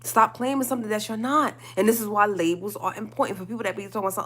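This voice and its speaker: A woman's voice: medium pitch, quick pace, hardly any pauses, a bit bright. A woman hosting a livestream, delivering a heated, emphatic solo rant with slangy asides and repeated lines for stress. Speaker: livestream host.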